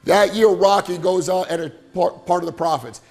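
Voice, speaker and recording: Gravelly, high-pitched male motivational speaker. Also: moderate pace, faint music behind. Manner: animated, keeps checking in with "right?". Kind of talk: storytelling presentation to a live audience. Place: venue with a live audience.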